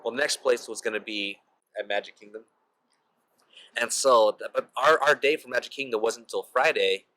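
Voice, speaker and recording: Chatty young man, bright forceful voice. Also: mid-range voice, normal speed, no room sound, poor audio. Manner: chatty, heavy use of "like" and "you know" fillers. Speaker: vlogger. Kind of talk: casual storytelling to camera.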